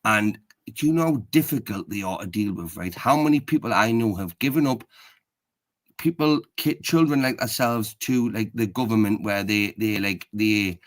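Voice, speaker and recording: A man's voice: fairly low pitch, normal speed. Rambling man, "right, okay?". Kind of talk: casual chat.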